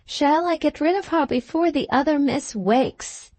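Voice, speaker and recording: A woman voicing a secretive French manservant with a French accent, speaking in hushed confidences. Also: high-pitched, measured pace, dry recording, voice pushed up. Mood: confiding.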